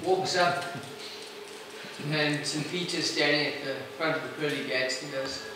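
A man tells a long joke to a group, lively and chuckling as he goes. His voice sits high and sounds far from the mic. The room echoes heavily, with steady noise behind. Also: moderate pace. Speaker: joke teller.

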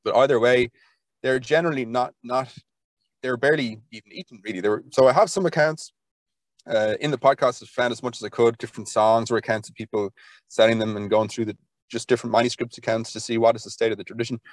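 An Irish man speaking as a guest in a relaxed interview, his voice at an ordinary middle pitch. He talks with eager enthusiasm, restarting sentences and padding them with fillers. The recording is dry and close, with no room sound. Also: fast talker, no room sound. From Ireland. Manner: enthusiastic, rambling, full of "kind of" fillers and restarts. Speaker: podcast guest, folklore archivist. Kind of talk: conversational interview.

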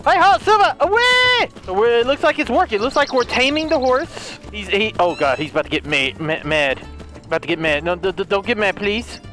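A young man doing excitable, playful solo gameplay commentary, swearing casually as he goes. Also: sits high, brisk, over music. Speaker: gaming YouTuber.

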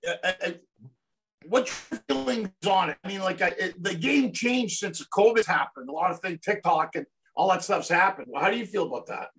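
A man hosting a casual interview, telling stories in an animated way and swearing freely. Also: high voice, normal speed, rough recording. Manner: animated, profane storyteller. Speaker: podcast host.

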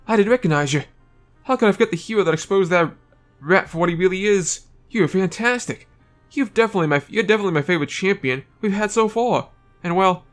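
Man reading as a brash, crude game character. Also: sits high. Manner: crude, enthusiastic.

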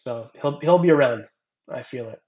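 This young man hosts a reptile channel and is casually chatting on stream, rambling as he goes through comments and thanking viewers by name. His voice sits at medium pitch with a darkish tone and a normal speed.

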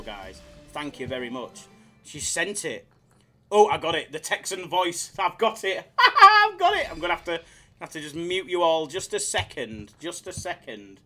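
A man's voice: on the high side, a bit bright. A man with a Yorkshire accent hosting a live slots stream, chatting and joking casually with viewers. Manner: chatty, jokey, laughs often.

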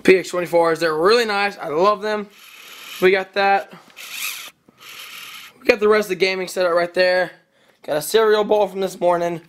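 Young guy rambling through a vlog update, high bright voice, camera a bit far off. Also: moderate pace, long pauses. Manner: rambling, excitable, self-correcting. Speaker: vlogger.

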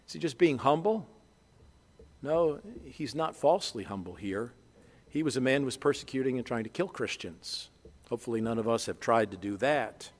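A man preaching a sermon as pastor, animated, leading the congregation to repeat phrases after him. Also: mid-range voice, moderate pace. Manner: animated preaching, leads congregation in call-and-response. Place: church sanctuary. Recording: long church reverb.

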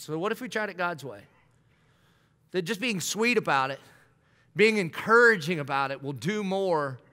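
A man preaching a sermon as pastor, humorous and lively, acting out little dialogues. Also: high voice. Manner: humorous, acts out little dialogues in quick voices. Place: large church auditorium. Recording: long reverb of a large church hall.

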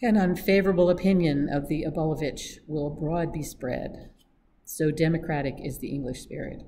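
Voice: mid-range voice, fairly even intonation, normal speed, mellow, a little hiss or hum, close to an everyday voice. Baron: a reader voicing a stiff, pompous foreign baron. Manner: stilted formal speech with scrambled word order. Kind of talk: read-aloud audiobook acting.

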